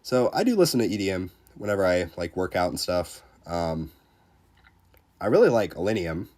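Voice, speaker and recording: A man with a cold, sounding congested as he chats casually on a game livestream and reads viewer comments in a relaxed, rambling way. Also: low voice, moderate pace. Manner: relaxed, rambling, lots of fillers. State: sick, under the weather. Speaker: game streamer reading chat.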